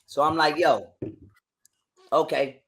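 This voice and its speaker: A man, a guest on a call, telling a heated personal story in street slang and swearing a lot. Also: fairly high pitch. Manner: heated, profane, talks fast in street slang.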